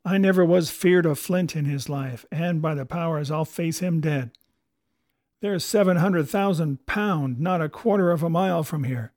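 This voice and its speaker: A man voicing a blustering old one-legged pirate captain who talks in gruff sea-dog dialect. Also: a little high, moderate pace, a little mellow, no echo, studio quality, close to an everyday voice. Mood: defiant.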